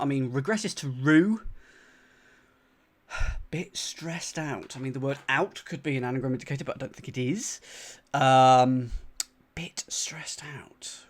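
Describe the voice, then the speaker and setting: A man from the UK streaming live as he solves a crossword, thinking aloud, repeating clues and talking to his chat with lots of fillers and restarts. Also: mid-range voice. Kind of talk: casual live-stream commentary.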